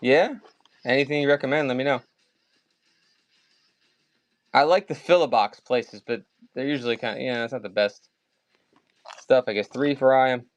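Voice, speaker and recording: A man's voice: mid-range voice, dry recording, muffled recording. Maryland guy auctioning comics on a stream, talks loose and rambly. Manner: chatty, rambling, calls bids fast. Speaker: livestream seller. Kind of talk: casual live auction chat.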